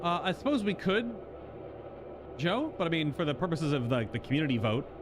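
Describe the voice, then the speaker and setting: A man's voice: on the high side, sing-song, brisk, background noise. A man streaming a video game, chatting casually and rambling to his viewers. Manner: chatty, rambling, talks to chat. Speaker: gaming streamer. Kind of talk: casual gameplay commentary.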